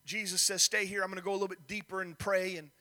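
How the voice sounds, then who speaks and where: A man preaching a sermon, retelling a story with animated delivery and acting out the characters' lines. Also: sits high, quick pace. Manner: animated, acts out the characters' lines, repeats words.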